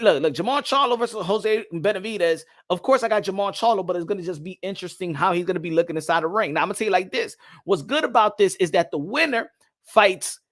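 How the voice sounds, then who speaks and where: A man hosting a casual boxing talk show, animated and repetitive, getting loud and excited as he makes his points. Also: high-pitched.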